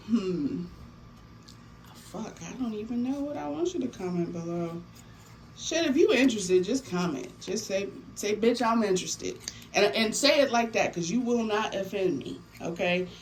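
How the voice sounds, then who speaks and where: A woman hosting a tarot deck giveaway in a casual, animated chat, swearing freely and repeating herself for emphasis. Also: mid-range voice, moderate pace, rough recording. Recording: faint background noise.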